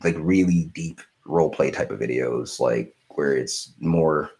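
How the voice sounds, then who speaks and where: A young man hosting a live stream, casually answering viewer questions in a relaxed, rambling way with lots of fillers and restarts. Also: a bass voice, a little slow.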